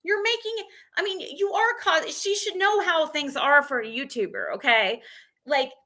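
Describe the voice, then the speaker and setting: A woman's voice: high-pitched, normal speed, sharp tone. A woman streamer venting, recounting an argument in an agitated rush with frequent restarts. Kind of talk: venting live stream monologue.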